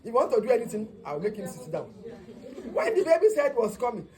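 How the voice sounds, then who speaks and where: A woman nurse with a Nigerian accent telling a comic story about her work, in an animated way and mixing in Yoruba words. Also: fairly high pitch, fast.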